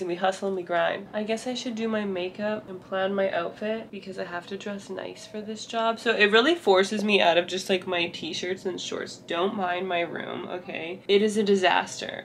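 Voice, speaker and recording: A woman's voice: mid-range voice, a little hiss or hum. Chatty, playful Canadian woman vlogging at home. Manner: chatty, playful, slips into put-on accents. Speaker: vlogger and writing teacher. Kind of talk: casual vlog chat. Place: bedroom at home.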